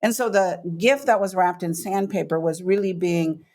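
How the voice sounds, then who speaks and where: With a voice on the low side and a moderate pace, a middle-aged business coach relates her story as an interview podcast guest. She tells it emphatically and with animation, giving voice to the people she quotes.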